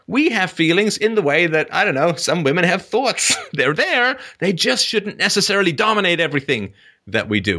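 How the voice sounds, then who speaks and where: A middle-aged man holds forth on a call-in show in an emphatic, sarcastic rant, laughing often and slipping into mocking voices. His pitch sits a little high and swings widely. The tone is bright and pushed hard. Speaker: host.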